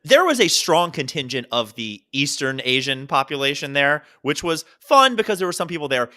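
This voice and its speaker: A man with a fairly high, bright voice tells stories on a casual podcast. He is animated and swings his pitch widely, slipping into quick impressions of the people in his tales. He talks like a lively co-host in easygoing chat. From Baltimore. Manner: animated storyteller, acts out quotes.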